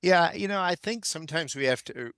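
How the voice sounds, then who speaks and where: A man's voice: a little high, expressive, fairly quick, fairly bright tone, smooth, no echo. An older man, a gardening expert and guest on a podcast, talking thoughtfully and with firm opinions. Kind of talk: casual conversation.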